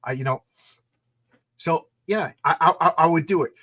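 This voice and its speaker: Man, casual chat, eager, halting restarts, slightly high voice, dry close mic. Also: a bit bright, husky, dry recording. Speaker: comic creator and guest. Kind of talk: casual conversation.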